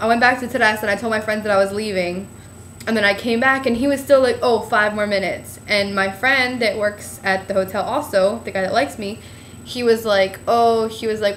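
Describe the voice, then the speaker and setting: A woman's voice: medium pitch, slight background noise. A woman from New Jersey telling a trip story in a chatty, casual way, full of "like" and acted-out quotes, and sounding tired. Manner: chatty, lots of "like" and "I was like", acting out quotes. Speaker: vlogger.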